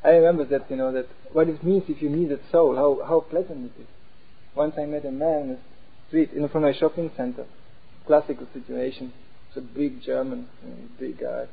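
Male preacher, lively talk, raspy tone, tinny phone-line sound. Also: medium pitch, fairly quick. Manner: animated, acts out inner voices. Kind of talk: sermon-style talk.

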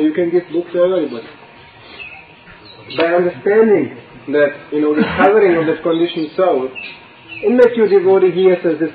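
A man's voice: on the high side, slight background noise. Man telling laughing anecdotes. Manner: chatty, laughing storyteller acting out dialogue. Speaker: devotee speaker. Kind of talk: informal religious talk with anecdotes. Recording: echoey phone-like recording with audience.

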